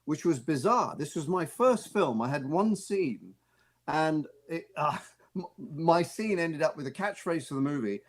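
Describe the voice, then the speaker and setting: A male actor and author, interviewed over a radio studio mic, speaks a little slowly in a fairly high voice with lively intonation. He shares amused, casual stories in a rambling manner, restarting often and repeating words.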